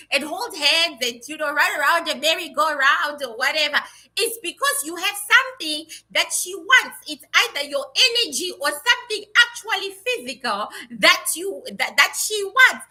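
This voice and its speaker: A woman psychic medium chatting casually, telling animated stories from her readings in blunt, salty language. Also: extremely high pitch. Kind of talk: casual livestream chat.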